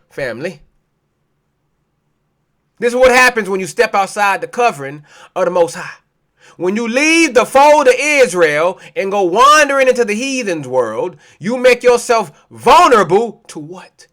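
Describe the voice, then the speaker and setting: High-pitched fiery male preacher. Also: sharp tone. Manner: preachy, profane, calls out listeners as family. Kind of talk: fiery street sermon.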